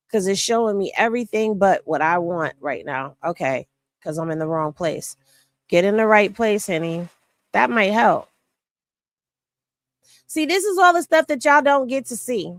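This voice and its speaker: A woman hosts casual reaction commentary, blunt and sassy, speaking straight to her viewers from a home room with rain on a tin roof. Her mid-range voice is animated and a little slow, with no echo.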